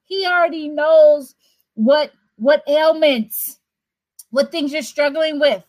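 Woman, prayer leader, fairly high voice, casual teaching, joking asides, repeats words for emphasis. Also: slow, a little mellow, low-quality recording.

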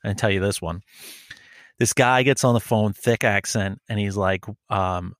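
A man co-hosting a podcast in casual chat, telling animated stories, acting out phone calls and swearing freely. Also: on the low side, moderate pace, dry recording, clean studio sound. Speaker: podcast co-host.

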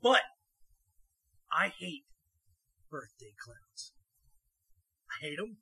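Husky, bright-voiced man chatting. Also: fairly high pitch, extremely slow, low-quality recording. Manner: animated, profane, repeats words when excited. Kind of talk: casual comedic chat.

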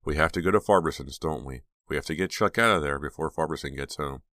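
A man voicing a frightened teenage girl who speaks in a shrill, trembling, stammering way. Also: quick pace, bright, forceful tone, no echo, studio quality. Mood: anxious.

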